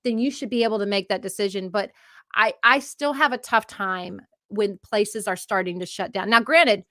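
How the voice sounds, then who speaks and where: A woman's voice: medium pitch, moderate pace, bright, forceful tone, dry recording, studio quality. A woman hosting a show, talking in a heartfelt, searching way in a casual interview. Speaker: show host.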